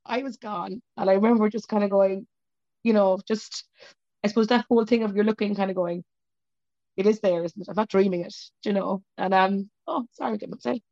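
A woman tells her personal story at a quick clip, her low voice catching into a gravelly fry as she loops back and restarts her sentences. It is a close, dry, slightly dull video call recording. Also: mellow, dry recording. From Ireland. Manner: rambling, self-interrupting, tearful at moments. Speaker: interview guest.

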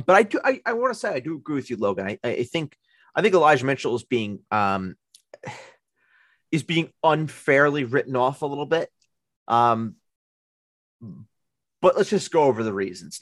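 A man's voice: medium pitch, dry recording. Man, mid-voiced podcast co-host, rambling casual sports chat, dry close sound. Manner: rambling, with many restarts and fillers.

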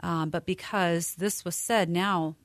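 A woman with a slightly low voice talks things through thoughtfully on a faith podcast, pausing often and adding fillers. The sound is dry and close, with no room echo around her. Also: steady tone. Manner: reflective, thoughtful, frequent fillers. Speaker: co-host. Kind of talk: casual faith-based podcast chat.

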